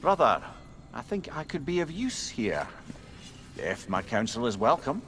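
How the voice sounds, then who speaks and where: A wry, lively talking head. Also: male voice, mid-range voice, unhurried, exaggerated voice. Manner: dry, wry courtesy. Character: witty, chatty male severed head advisor.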